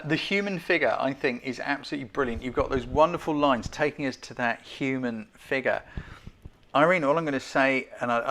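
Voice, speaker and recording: A man's voice: medium pitch, creaky, a bit bright. Chatty man critiquing photos live. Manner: chatty, keeps asking viewers' opinions; self-deprecating, hedging critic. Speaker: host giving photo feedback.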